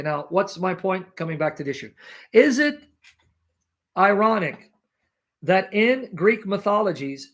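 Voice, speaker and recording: A man making an emphatic theological argument as a Christian apologist, full of rhetorical questions and pauses to clear his throat. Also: high voice, fairly bright tone.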